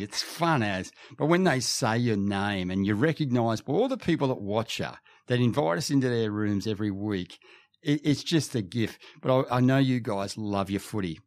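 A middle-aged man talking as a podcast guest in a studio, telling stories in a lively way with frequent restarts. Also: mid-range voice. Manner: animated storyteller with frequent restarts. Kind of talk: casual storytelling in conversation. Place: radio studio.

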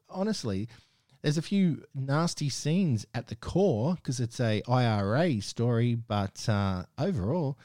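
Mellow-voiced man reviewing films. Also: mid-range voice, no room sound, studio quality. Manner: chatty, with frequent fillers and restarts. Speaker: podcast host. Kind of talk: casual film review.

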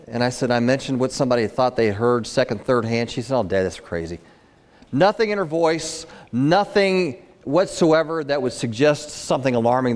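A man's voice: medium pitch, darkish tone. Middle-aged male guest speaker, earnest storyteller addressing an audience, mid-range voice, big reverberant hall. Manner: earnest, repeats phrases, talks to the crowd. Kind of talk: personal story told to an audience.

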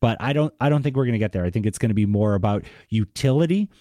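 A man's voice: fairly low pitch, fast talker, mellow, no echo, studio quality. A man with a Boston accent, speaking as an interview guest in a chatty way, often tagging his thoughts with "like" and "right?". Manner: chatty, with frequent "like" and "right?" tags. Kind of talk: conversational interview.

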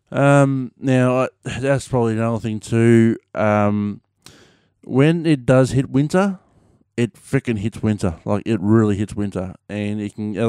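Laid-back Australian man, smooth voice. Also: lowish voice, a little mellow, no room sound, clean studio sound. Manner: rambling, laid-back, slangy with many fillers. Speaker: vlogger. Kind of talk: casual chat to camera.

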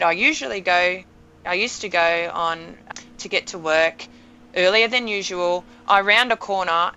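A woman in her thirties, a podcast guest telling an emotional story in a lively, animated way. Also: on the low side, lo-fi sound. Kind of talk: casual storytelling.

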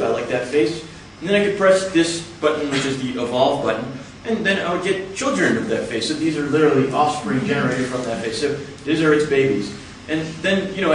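A man explains a topic to an audience in a measured, step-by-step lecture. His voice rings through a large hall with heavy echo. He sounds a little distant from the microphone, with faint background noise. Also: fairly high pitch. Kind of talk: explanatory talk. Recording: echoey hall, from far off.

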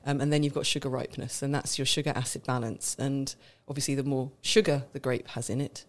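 A woman's voice: rumbling low, little pitch movement, fast talker. Chatty woman explaining with a laugh. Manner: knowledgeable, explains at length, laughs often. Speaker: wine expert co-host. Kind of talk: casual podcast chat.

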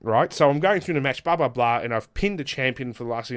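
An Australian man in his thirties, a guest on a casual podcast, telling candid, animated stories, swearing and laughing often. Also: mid-range voice, racing, few pauses, clear, resonant tone. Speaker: guest, pro wrestler.

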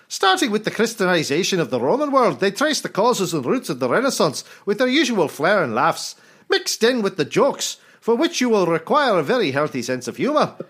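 Man doing a hammy Irish listener gushing over a show, lively lilting pitch. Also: breathy edge, exaggerated voice. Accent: put-on Irish. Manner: exaggerated, hammy reading. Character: enthusiastic male Irish listener reading a review.

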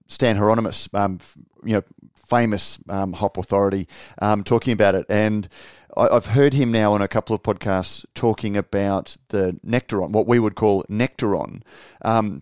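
A man co-hosts a podcast with a smooth, resonant voice, pitched a little low. He rambles casually, with many fillers and easy laughs, and is recorded dry and close. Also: darkish tone, dry recording. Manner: rambling, many ums and uhs, laughs easily. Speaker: founder and editor, podcast co-host.

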